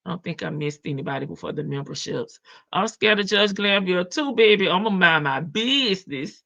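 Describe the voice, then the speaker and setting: Laughing Southern woman, gravelly bright voice. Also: lowish voice, lively intonation, brisk. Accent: Southern US country. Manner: chatty, laughs often, drawls in a country way. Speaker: livestream reaction host. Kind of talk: casual live chat reading comments.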